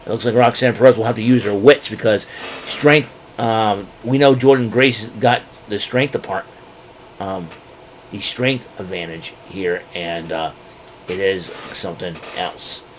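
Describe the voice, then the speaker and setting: A man's voice: fairly low pitch, measured pace, rough recording. Give me a man casually recapping a show, rambling with ums, faint noise behind. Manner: rambling, many fillers and restarts. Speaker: wrestling show recap host.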